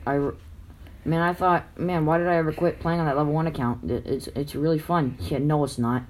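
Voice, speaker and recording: A man's voice: on the high side, steady tone, brisk. A teenage boy chatting casually while playing a mobile game, rambling and telling stories with animation. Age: teens. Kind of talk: casual gaming chat.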